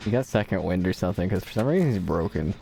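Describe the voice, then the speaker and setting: A man's voice: low voice, animated, fast, vocal fry, warm tone, slight background noise. A man streaming a video game, giving live commentary in a joking, mock-dramatic way and talking to the characters on screen.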